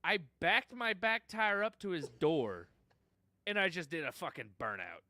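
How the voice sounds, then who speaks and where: Animated high-voiced male streamer. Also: a little slow. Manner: animated, swearing storyteller. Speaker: streamer telling a story. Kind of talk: casual gaming chat.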